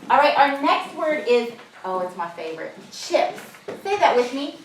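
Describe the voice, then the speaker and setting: A woman teacher runs a small-group phonics lesson and pauses to explain it to other teachers. She draws out sounds and sentences slowly and clearly for the children. The recording is echoey and taken from a distance across the classroom, with a faint hiss behind her. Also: high-pitched, big pitch swings. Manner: clear, drawn-out classroom prompting.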